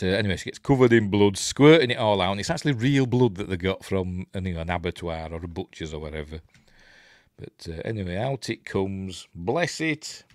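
The host of a film watch-along channel, a man with a Yorkshire accent, gives rambling, chatty running commentary while watching a film, chuckling at his own asides. His voice is on the low side, recorded dry in clean studio sound.

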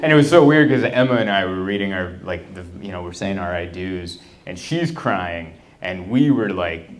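A man's voice: low voice, expressive, moderate pace. A man doing a stand-up comedy set in a small venue, rambling and interrupting himself, laughing at his own jokes as the audience talks back. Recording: live room with loud crowd. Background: audience laughing and talking back.

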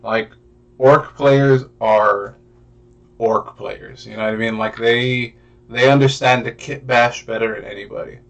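A man's voice: medium pitch, flat delivery, normal speed, vocal fry, fairly bright tone, muffled recording. A young man co-hosting a podcast, chatting casually with a rambling, profane manner and plenty of fillers. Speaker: podcast co-host. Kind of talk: casual chat.

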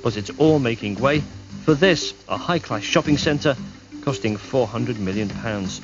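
A man reporting and narrating a television news special in a measured, scripted way. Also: medium pitch, music in the background. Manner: measured, even reporting delivery. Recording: dull late-1990s TV broadcast audio.

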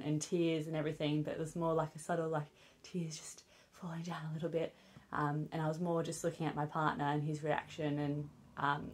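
Her voice is low and a little mellow. At home with her newborn, the young British vlogger chats openly to the camera, sprinkling in lots of "um"s and "obviously"s.

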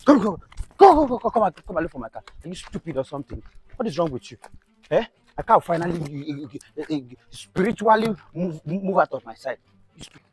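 A man acting a panicked, shouting husband who has lost his car in a comedy skit. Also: sits high, sing-song, fairly quick, breathy edge, heavily acted. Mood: frantic angry. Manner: frantic, shouting, exclamatory.

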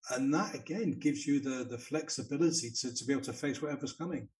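A man hosting a podcast, calmly summing up what his guest said. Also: medium pitch, fast talker, poor audio. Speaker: podcast host. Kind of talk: conversational interview.

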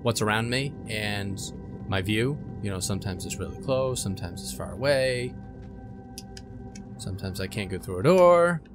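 A man's voice: lowish voice, animated, moderate pace, music in the background. A young man giving casual let's-play commentary, chatty and unsure of himself, often speaking to the creatures in the game. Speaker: gaming commentator.

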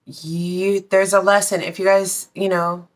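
A woman's voice: medium pitch, level tone, a little slow. A woman reading tarot in a casual, blunt way, swearing freely and talking straight to her viewers. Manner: blunt, swears freely, breaks into sung lines. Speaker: tarot reader.

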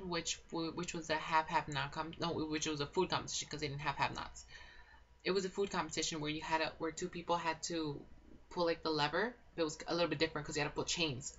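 A young woman rambles through a gossipy recap of a reality show in a casual chat, full of fillers and restarts. Her voice is low-pitched but a bit bright, captured on a dull lo-fi home recording with faint noise.

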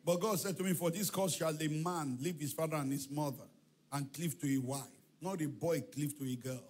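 With a slightly high, breathy voice at normal speed, a man preaches a sermon in a church hall. Animated and theatrical, he tells stories, acts out the dialogue, and shouts and chants refrains.

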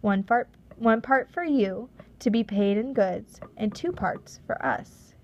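A woman voicing a bold Russian sea captain, a tall man who bargains loudly and insistently in a storybook reading. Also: mid-range voice, slow pace, highs cut off. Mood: bargaining. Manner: loud, insistent, pushy.

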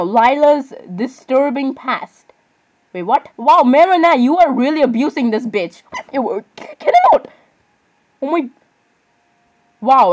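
Excitable high-voiced teenage girl vlogger. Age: teens. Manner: excitable, exclamatory, quick shifts between giggly outbursts and mumbled asides. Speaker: reaction vlogger. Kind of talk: casual reaction commentary.

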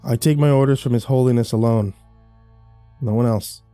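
A man voicing a battle-worn younger man who talks tersely, flat and guarded. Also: mid-range voice, moderate pace, dry recording, soft background music, close to an everyday voice.

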